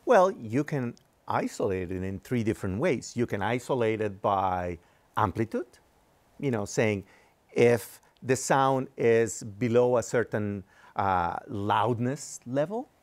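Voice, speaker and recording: A man's voice: medium pitch, lively intonation, measured pace. A man being interviewed as an engineering executive, who explains technical ideas patiently and uses frequent fillers.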